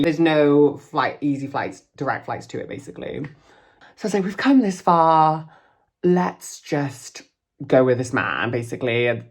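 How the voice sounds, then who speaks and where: A young man, a drag queen vlogger, telling a storytime tale in a chatty way with lots of fillers and acted-out quotes. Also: medium pitch. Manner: chatty, filler-heavy, acts out quoted lines. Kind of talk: storytime vlog.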